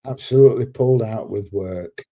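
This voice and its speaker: A man's voice: lowish voice, normal speed, dark tone. A man hosting a casual livestream, chatting loosely and reading viewer comments aloud while recovering from illness. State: recovering from illness, slightly short of breath. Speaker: livestream host.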